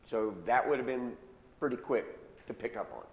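A man preaching a sermon and retelling scripture in casual modern words, slowing down to stress key phrases. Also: medium pitch. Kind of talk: sermon storytelling. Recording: echoey hall with long reverb, faint noise.

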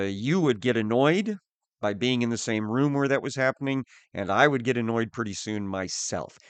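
Slow, low-voiced male preacher. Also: no room sound. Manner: slow, deliberate teaching with pauses. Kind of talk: sermon.

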